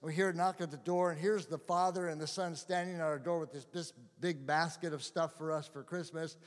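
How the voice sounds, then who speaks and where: A middle-aged male pastor telling stories in a sermon, animated and often laughing. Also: a little high, brisk. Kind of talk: sermon storytelling. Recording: long hall reverb.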